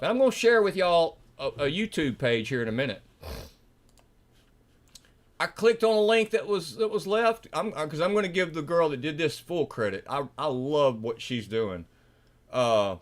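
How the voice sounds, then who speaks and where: Fiery Southern man ranting. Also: high voice. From Mississippi, US. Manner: shouting, fiery, preachy. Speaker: livestream host. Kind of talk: ranting livestream commentary.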